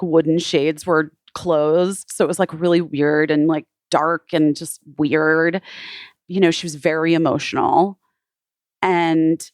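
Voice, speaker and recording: Low-pitched woman, podcast guest, chatty storytelling full of "like", dry close sound. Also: dry recording. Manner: frequent "like" fillers, retells others' words. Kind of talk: casual personal storytelling.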